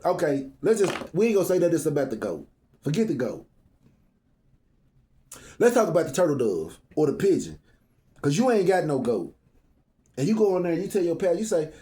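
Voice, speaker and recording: A man reads Bible verses and then drifts into joking, conversational asides. His pitch sits a little high and swings widely, and his tone stays mellow throughout. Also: very animated, fairly quick, pauses often. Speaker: Bible reading host. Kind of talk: scripture reading with humorous commentary.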